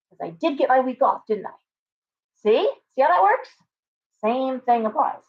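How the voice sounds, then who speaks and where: Woman, livestream tarot host, chatty and animated, slightly high voice, lo-fi webcam sound. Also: unhurried. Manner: animated, talks with lots of restarts and asides to viewers. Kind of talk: casual livestream chat. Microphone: webcam with ring light. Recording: slightly dull lo-fi stream audio.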